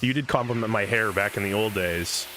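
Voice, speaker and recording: A man's voice: fairly low pitch, fairly quick. A man streaming a game live, chatting casually and rambling, often restarting his sentences. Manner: rambling, chatty, self-interrupting. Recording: game music behind.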